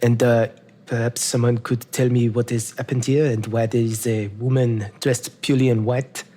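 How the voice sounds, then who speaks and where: A formal, courteous woman guard captain, as a man puts her on at a tabletop game. She speaks stiffly and politely in a slightly husky voice. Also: mid-range voice, level tone, moderate pace, dark tone, lightly acted. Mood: apologetic.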